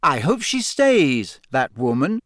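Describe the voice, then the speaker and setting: A man's voice: a little high, sing-song, takes it slowly, fairly bright tone, no room sound, clean studio sound, full character voice. A man reading aloud and voicing a haughty teenage schoolgirl who speaks in a hard, dismissive way. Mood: cold.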